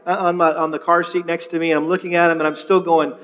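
A male pastor with a high voice delivers a sermon in a relaxed, conversational way. He often repeats words as he restarts his sentences. His voice carries a long reverb from a large hall. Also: quick pace. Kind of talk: sermon-style teaching on marriage.

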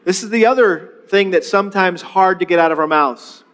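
High-voiced preacher in a reverberant hall. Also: male voice, a little fast, a bit bright. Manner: leads the congregation in call-and-response repetition; conversational, with frequent restarts and rhetorical questions. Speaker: pastor. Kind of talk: sermon. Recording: long reverb of a large hall.

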